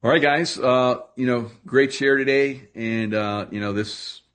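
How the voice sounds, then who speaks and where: A man's voice: medium pitch, measured pace, fairly bright tone, clear, resonant tone. A man hosting a casual group video call, talking loosely with many fillers and restarts.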